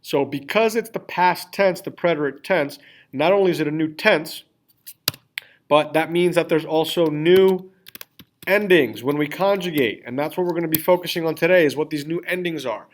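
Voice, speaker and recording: Man, teacher, classroom lesson, slightly high pitch, spells out letters, keyboard typing behind. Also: normal speed, slight background noise. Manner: repeats "all right?" and checks in with students. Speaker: Spanish teacher.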